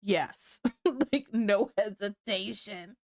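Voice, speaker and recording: A young woman with a stuffed-up, sniffly nose talks casually to her stream, breaking into easy laughter again and again. Her voice sits in a middle pitch. The sound is dry and close, with no room echo. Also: very slow. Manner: giggly, laughs often and easily. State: sick with a blocked nose, sniffling. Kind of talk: casual livestream chat.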